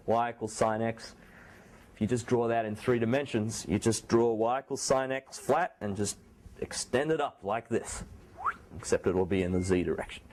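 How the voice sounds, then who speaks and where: A man's voice: medium pitch, a little mellow, a little hiss or hum. A man giving a university math lecture in a classroom, his voice a little sore, talking in a loose conversational way with frequent restarts. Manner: conversational, restarts and self-corrections. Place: lecture hall.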